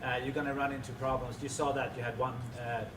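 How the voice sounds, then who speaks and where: Halting man speaking from across a hall. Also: mid-range voice, little pitch movement. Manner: halting, hesitant with fillers. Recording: echoey hall, far mic, noise.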